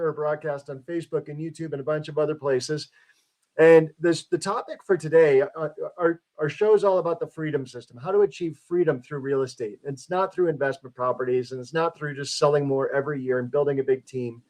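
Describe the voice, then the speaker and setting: A man's voice: fairly high pitch, brisk, a little mellow. A man co-hosting an interview show, introducing the topic and his guest in a chatty way and often repeating words as he starts over. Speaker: podcast co-host.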